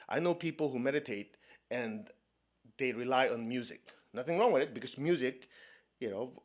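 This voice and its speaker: A man from China giving a spiritual talk as a meditation teacher, conversational and playful, often checking in with his listeners. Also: medium pitch. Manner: laughs often, playful asides.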